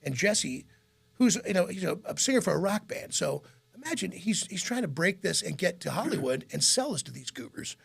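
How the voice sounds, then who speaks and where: A middle-aged man with a gravelly, raspy voice, a radio host telling rambling stories in a casual interview and laughing often. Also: high voice, a little fast. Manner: rambling, animated anecdotes with frequent laughs.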